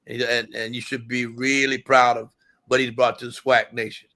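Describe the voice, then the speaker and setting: A man's voice: mid-range voice, flat delivery, normal speed, sharp tone. A male network executive appearing as a guest on a sports talk show, speaking appreciatively and filling with "you know". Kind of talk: casual talk show interview.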